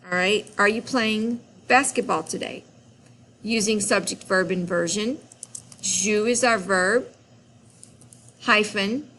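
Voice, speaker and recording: Slow, patient woman teaching French. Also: medium pitch, fairly bright tone, a little hiss or hum. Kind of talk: recorded classroom lesson.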